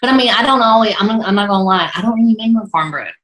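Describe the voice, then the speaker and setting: A grandmother-aged woman with a heavy Southern drawl chats easily and laughs often as she tells stories. Her voice sits at a middle pitch. It carries a noticeable roomy echo. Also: expressive, rapid-fire, crowd noise. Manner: laughs often, chatty storyteller. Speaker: podcast co-host. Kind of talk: casual chat.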